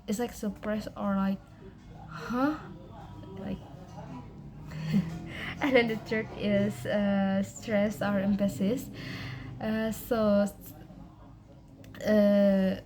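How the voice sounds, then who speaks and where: A young woman with an Indonesian accent presents to her class at a slow, unhurried pace. She talks in a halting way, full of fillers and restarts, with a middle pitch. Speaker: student presenter.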